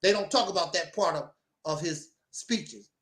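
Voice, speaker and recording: A man with a strikingly high, bright voice preaches emphatically through a talk-show monologue. He drops mocking asides as he builds his points. The sound is roomy and echoey. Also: normal speed. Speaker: host.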